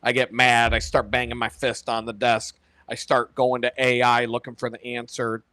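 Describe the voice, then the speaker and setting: Guy on a raw live stream, bright punchy voice, swears a lot, dry close sound. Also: medium pitch, normal speed, dry recording. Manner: animated and profane, laughs often. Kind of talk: casual live stream monologue.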